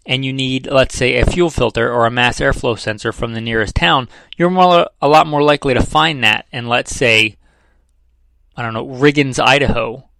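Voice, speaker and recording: A man's voice: medium pitch, creaky, fairly bright tone, dry recording, low-quality recording. A man, a firearms trainer, talking through a casual instructional lesson in a conversational way, repeating key figures and dropping dry sarcastic asides.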